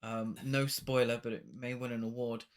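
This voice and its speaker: This podcast co-host has a smooth, medium-pitched voice with a level tone and normal speed. He's tearing into a bad film in casual review chat, swearing, exasperated, and joking, breaking into laughs between rants.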